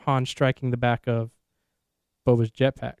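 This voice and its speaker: A man hosting a podcast in casual chat, talking excitedly and rambling in quick bursts. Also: medium pitch, clean tone, no echo. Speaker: podcast host.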